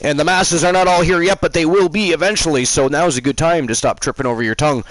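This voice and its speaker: A man's voice: a little high, quick pace, no echo, low-quality recording. A man hosting a live stream, teasing and rambling through casual banter. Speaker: host.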